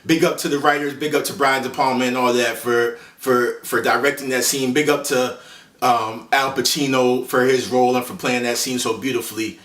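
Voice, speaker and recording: A man's voice: mid-range voice, steady tone, moderate pace, a bit bright. Slangy male host in an echoey room. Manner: slangy, rambling, with many fillers and self-corrections. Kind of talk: casual movie countdown commentary. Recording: echoey room, voice far from the mic.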